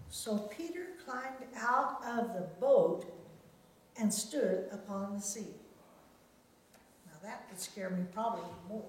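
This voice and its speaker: A woman leading a children's sermon, reading a Bible story and gently asking the children questions. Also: mid-range voice, animated, slow pace, pauses often, recorded from a distance, a little hiss or hum. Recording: very echoey room.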